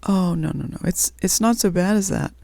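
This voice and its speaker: A woman voicing a gentle, joyful male spirit in whispered role-play, patient and reassuring. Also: on the low side, normal speed, creaky, no room sound, clean studio sound. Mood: serene.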